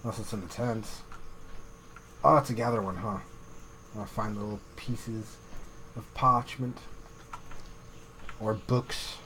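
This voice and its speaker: A man's voice: fairly low pitch, steady tone, slow pace, long pauses, pushed and bright, a little hiss or hum, low-quality recording. A man casually commenting while he streams a video game, chatting with viewers in a self-mocking way.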